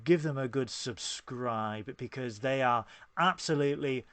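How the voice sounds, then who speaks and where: A man's voice: mid-range voice, a little slow, fairly bright tone, no room sound. A Northern English man co-hosting a podcast in casual chat. He jokes his way through plugs for links and channels. The sound is close and dry. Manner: jokey, plugging links and channels. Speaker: podcast co-host.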